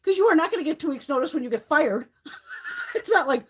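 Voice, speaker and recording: Animated and brisk, with a high-sitting voice, a middle-aged woman hosts a beauty livestream. Her stories are casual, blunt, and profane, punctuated by regular swearing and laughs.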